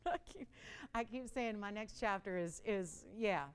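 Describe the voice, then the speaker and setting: A woman's voice: mid-range voice, a little slow, clear, resonant tone. A woman hosting a live television jewelry auction, chatty and self-mocking, with dramatic pleas for bids and frequent laughs. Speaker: live shopping host.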